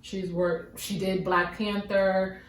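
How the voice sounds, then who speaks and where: A woman's voice: mid-range voice, level tone, slow pace, far from the mic, a little hiss or hum. Woman co-host, teasing, echoey room. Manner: teasing, laughs easily. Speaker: podcast co-host. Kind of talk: casual movie review chat. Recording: roomy, mic set back.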